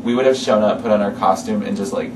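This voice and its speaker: A man's voice: lowish voice, fairly even intonation, fast talker. A man who co-created a fan film, chatting and thinking aloud with filler words. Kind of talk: casual chat. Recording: echoey room, distant mic, air-conditioner hum.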